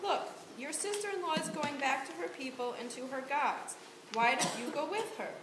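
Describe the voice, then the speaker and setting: A woman's voice: high-pitched, moderate pace, natural voice. A woman reading grieving widow Naomi. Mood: bitter. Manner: earnest plain read-aloud delivery. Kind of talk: volunteer reading a Bible story aloud in church. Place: church sanctuary. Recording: echoey church room with hiss.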